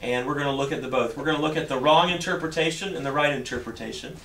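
A man's voice: mid-range voice, fast talker, a bit bright. A man preaching a sermon in a church, earnest, often repeating himself and restarting phrases. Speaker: pastor. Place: church sanctuary. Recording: roomy echo, mic at a distance, faint hiss.

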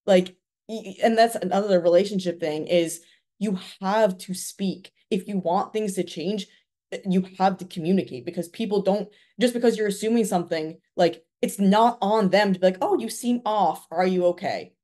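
A woman's voice: medium pitch, moderate pace, warm tone. A woman in her twenties from Canada, a podcast guest speaking earnestly in casual conversation and giving advice with plenty of fillers. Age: 20s.

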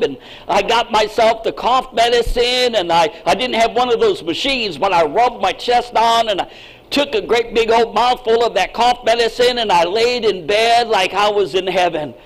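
A man preaching a sermon as pastor, emphatic, with sudden swings in pitch and loudness and frequent repeated words. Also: low-quality recording.

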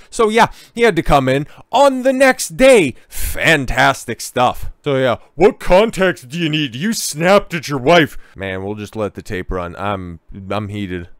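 A man's voice: mid-range voice, no room sound, clean studio sound. A man giving heated, profane reaction commentary on a video clip. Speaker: online commentator.

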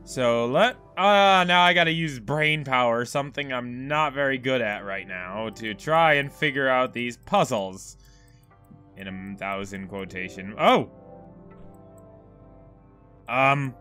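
A man's voice: mid-range voice, animated, slow pace, sharp tone, faint music behind. A young man commenting as he plays a puzzle game, rambling and self-mocking as he thinks aloud. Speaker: gaming video host. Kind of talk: let's-play commentary.

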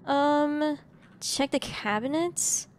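This is a young adult woman with a high voice, playing a game on stream. She reads game instructions aloud, loses her train of thought, and giggles as she chats with her viewers. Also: drawn-out words. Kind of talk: casual game commentary.

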